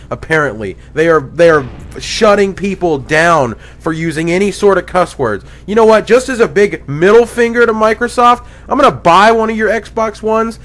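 A man's voice: a little high, a bit bright. A man hosting a gaming video, ranting indignantly with plenty of profanity. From United States. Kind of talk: gaming commentary rant.

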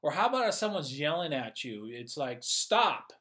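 A man's voice: a little high, very animated, fairly quick, a bit bright. A man as a communication coach, explaining in an upbeat, conversational way and thinking aloud as he goes. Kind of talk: casual instructional video.

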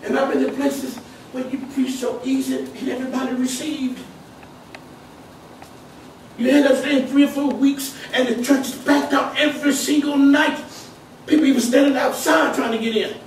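A man preaching a fiery sermon, driving his points home with shouts and repeated phrases. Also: very high voice, fairly even intonation, normal speed, slight background noise. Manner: preaches with rising shouts and emphatic repetition. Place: church hall. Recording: echoey hall, mic from far off.

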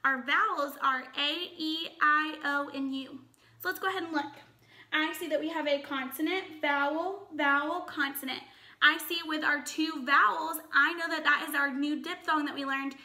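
A woman teaching a children's phonics lesson, upbeat and encouraging, sounding out words slowly and clearly. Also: high voice, steady tone, pushed and bright.

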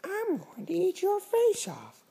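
Young man doing a pet dog voice, squeaky, high, lively, mock menacing, silly. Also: a little slow, creaky, heavily acted. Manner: goofy mock threats, trails into a whisper.

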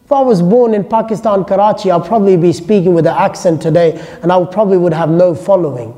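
High, mellow male lecturer in a hall. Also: quick pace. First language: English. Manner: chatty, joking, informal asides. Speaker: Islamic lecturer. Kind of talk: casual classroom lecture. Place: class hall with listeners. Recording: long hall reverb.

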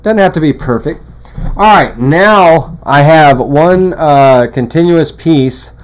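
A man walking through a woodworking software tutorial in a casual, rambling way, full of fillers and restarts. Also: a little high, expressive, takes it slowly. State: has the hiccups. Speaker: CNC woodworking instructor. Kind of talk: screen-recorded software tutorial.

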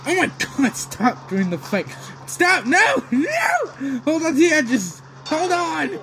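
A man giving excited gameplay commentary, yelling, laughing and pleading with his opponents as he plays. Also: very high-pitched, slow, background noise. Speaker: gaming video creator.

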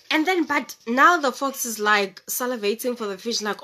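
A young woman reads a children's story aloud, then talks it over in an easy, explaining way. Her voice is a little high and very bright. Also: expressive, normal speed, hardly any pauses. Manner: chatty, explaining.

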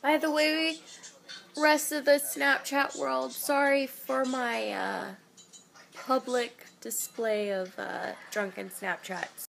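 A woman's voice: high voice, steady tone, slow pace, gravelly, fairly bright tone. Stuffy-nosed, tipsy young woman. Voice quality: stuffy and nasal. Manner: goofy, rambling and chatty. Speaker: makeup artist. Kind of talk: casual drunk phone vlog. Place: at home. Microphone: phone camera.

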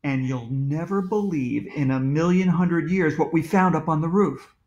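A man's voice: fairly high pitch, moderate pace, a little mellow, muffled recording. A man reading his own children's book aloud at home, playful and full of jokey asides. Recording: roomy echo.

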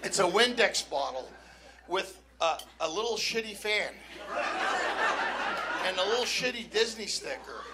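High gravelly guy doing standup, yelling and exasperated, loud crowd laughing. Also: lively intonation, a little slow, long pauses. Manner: ranting, exasperated, profane. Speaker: stand-up comedian. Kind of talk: stand-up routine. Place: comedy club stage. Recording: live club crowd and room noise. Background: audience laughter.

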